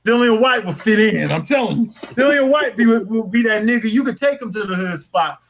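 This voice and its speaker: A man with a very high speaking voice trades loose, profane slang in a casual live chat about boxing. He talks freely and bluntly, with plenty of street phrasing. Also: expressive, a little fast, fairly bright tone.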